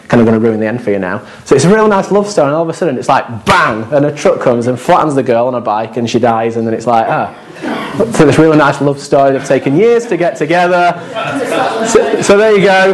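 Chatty man preaching. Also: a little high. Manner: chatty, self-deprecating, lively asides. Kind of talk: sermon.

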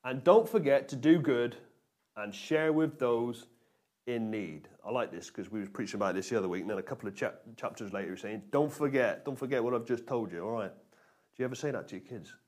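A pastor preaches to his congregation with energy, pressing them for answers and leaning hard on repeated phrases. His voice sits at an ordinary middle pitch for a man. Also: a little fast. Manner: energetic, call-and-response with congregation, emphatic repetition. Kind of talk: sermon.

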